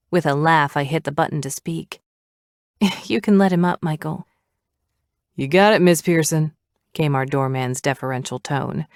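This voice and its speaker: A woman narrating a first-person romance audiobook in an expressive way, slipping into breathy asides. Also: deep voice, no echo, clean studio sound.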